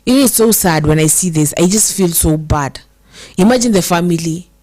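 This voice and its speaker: A woman's voice: on the low side, dark tone. Emotional Kenyan woman hosting commentary. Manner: code-switches English and Swahili, emotional, slows to stress words. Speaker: show host reading viewer comments. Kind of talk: casual commentary.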